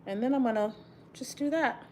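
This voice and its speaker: A woman's voice: on the high side, moderate pace, mellow, a little hiss or hum. A middle-aged woman from Texas, livestreaming as she twists her braids, sighing often and holding back tears. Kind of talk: casual livestream chat while doing her hair.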